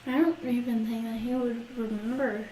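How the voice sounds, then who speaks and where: A woman's voice: a little high, little pitch movement, moderate pace, dark tone, reverberant, a little hiss or hum, rough recording. A woman playing in a tabletop game, chatting casually and upbeat with the group. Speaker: player.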